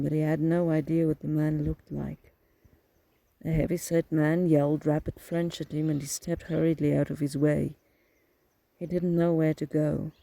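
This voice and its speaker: A man narrating an audiobook chapter in a steady, even reading. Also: fairly high pitch, vocal fry, no room sound, rough recording. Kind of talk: scripted narration.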